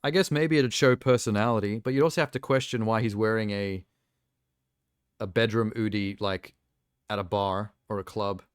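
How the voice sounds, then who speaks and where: Smooth-voiced man ranting on stream. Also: lowish voice, steady tone, moderate pace, no room sound, studio quality. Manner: ranting, exasperated critique. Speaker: live streamer. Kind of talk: casual reaction chat.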